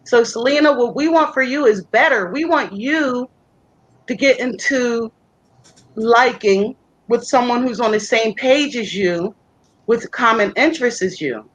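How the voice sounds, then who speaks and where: A woman's voice: fairly high pitch, unhurried, rough recording. A woman giving a chatty, reassuring psychic reading on a live stream, full of fillers like "you know". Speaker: psychic co-reader.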